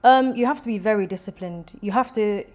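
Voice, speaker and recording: A young woman, a singer-songwriter, chatting as a guest in an interview and telling stories with lively quoted voices. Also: medium pitch, a little fast. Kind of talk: casual interview chat.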